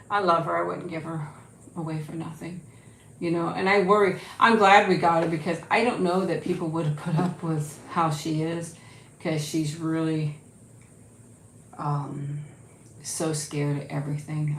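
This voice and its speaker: Chatty low-voiced woman in echoey room. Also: slight background noise. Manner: chatty, rambling, coaxing her dog in a sing-song voice. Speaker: YouTube channel host. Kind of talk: casual livestream chat. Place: at home.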